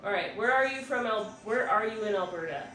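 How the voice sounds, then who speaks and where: A woman's voice: medium pitch, expressive, a little fast, sharp tone, slight background noise. A woman in her thirties from Ontario, hosting a casual livestream chat, swearing freely and reading out viewer comments. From Ontario, Canada. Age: 30s. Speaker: livestream host. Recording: roomy room, distant mic, music behind.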